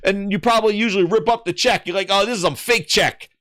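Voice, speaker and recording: A man hosting a gaming show, telling a story in casual livestream chat, animated and swearing. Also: high voice, fast, dry recording, studio quality. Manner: animated, swearing, acts out voices in anecdotes.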